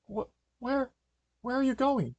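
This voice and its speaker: Man squeaking as an excitable young woman. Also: unhurried, husky, no room sound, lo-fi sound, exaggerated voice. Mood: excited. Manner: high, squeaky, breathless exclamations.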